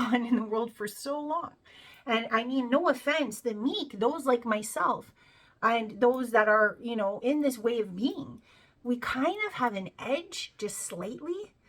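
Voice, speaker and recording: A woman's voice: fairly high pitch, fairly bright tone. Chatty woman talking to her viewers. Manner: chatty, peppered with "you know" and "right?"; laughs while telling the story. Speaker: spiritual video creator. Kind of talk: casual monologue to camera.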